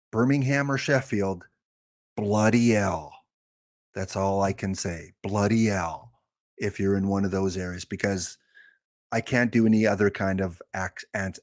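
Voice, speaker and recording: A man streaming a game live, chatting and joking with his viewers. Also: lowish voice. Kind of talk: casual live-stream chat.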